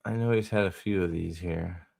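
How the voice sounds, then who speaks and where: A man's voice: sits low, normal speed, gravelly, darkish tone. A man hosting a casual livestream, rambling, swearing and mocking as he reads comments and talks to chat. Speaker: host.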